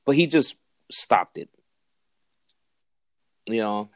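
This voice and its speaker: A man's voice: fairly low pitch, lively intonation, takes it slowly, dry recording. A man hosting a podcast, chatting in a laid-back way with lots of fillers. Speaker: podcast host. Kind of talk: casual podcast chat.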